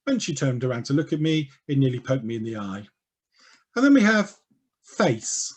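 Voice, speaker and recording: A man gives an educational talk with a somewhat high voice. He explains things in a lively, playful way and often adds quick side remarks. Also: slightly rough. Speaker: speaker on language history.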